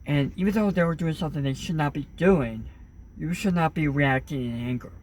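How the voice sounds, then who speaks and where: A man's voice: fairly high pitch, brisk, darkish tone, a little hiss or hum. A young man talking earnestly in a casual monologue, rambling with many fillers and restarts. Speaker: vlogger.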